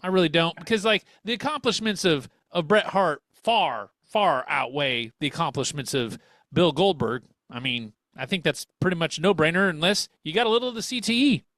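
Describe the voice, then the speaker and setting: Animated man ranting on a wrestling show. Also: on the high side, moderate pace, no room sound, clean studio sound. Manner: animated, exaggerated rants. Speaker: co-host of a wrestling radio show. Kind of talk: casual comedic banter.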